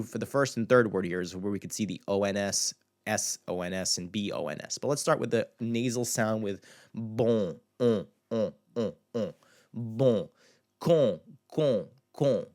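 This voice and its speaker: A man teaching a language lesson in a relaxed, casual way, repeating words slowly to model their sounds. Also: on the low side.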